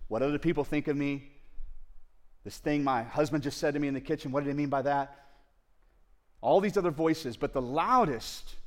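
Male preacher at a church service, mid-pitched, moves between soft hushed lines and raised, urgent appeals. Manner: swings from hushed tender asides to loud pleading; addresses the audience directly. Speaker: pastor. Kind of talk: sermon. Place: church service before a congregation.

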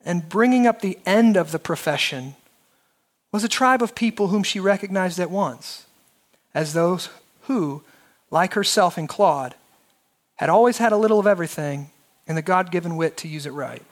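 A man lecturing on a short story, reading long passages aloud with expressive, dramatic emphasis. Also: high voice, normal speed.

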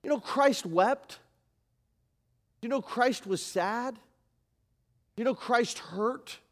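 Pastor guy preaching, high voice, goes big then drops way down quiet. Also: takes it slowly. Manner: animated, swings from loud emphasis to quiet asides. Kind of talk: sermon. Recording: live church service.

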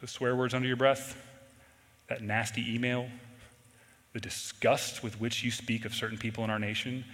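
A man preaching a sermon in an earnest way, shifting between loud emphasis and quiet intensity. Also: medium pitch, flat delivery, normal speed, long pauses, long reverb tail. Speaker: pastor.

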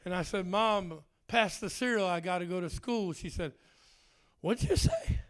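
A man leads a charismatic sermon in a high, ringing voice. His tone is smooth and resonant. He moves between fervent, pressing prayer and relaxed, folksy storytelling. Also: moderate pace. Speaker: preacher.

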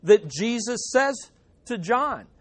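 Emphatic preacher with a lively voice. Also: male voice, extremely high pitch, takes it slowly. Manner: emphatic, repeats key phrases for effect; quotes imagined voices with dramatic swings in loudness. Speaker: pastor. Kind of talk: sermon.

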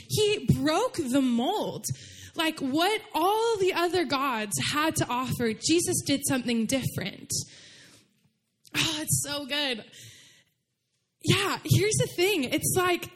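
A young woman with a high voice gives a casual sermon in church. She tells stories in a chatty way, filling her talk with "like" and laughing easily. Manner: chatty, full of "like", laughs while telling stories. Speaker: preacher.

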